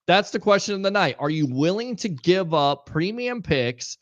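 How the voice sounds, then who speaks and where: A fairly high-voiced man hosts a live sports call-in stream, ribbing his guests and reading out viewer comments. His manner is jokey and animated. The sound is dry and a little dull, with no room around it. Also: moderate pace, no room sound. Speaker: host.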